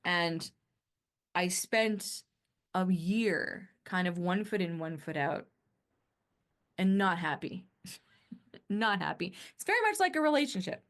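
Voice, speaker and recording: A woman's voice: fairly low pitch, sing-song, measured pace, a bit bright. A woman from northern Alberta with a Canadian accent, hosting her own podcast in a rambling, self-correcting solo chat. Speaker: podcast host. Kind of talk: casual solo monologue.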